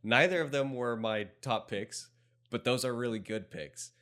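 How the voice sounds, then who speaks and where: A man's voice: mid-range voice, normal speed, a bit bright. A man co-hosting a movie review podcast, chatting casually and making the odd joke. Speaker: podcast co-host.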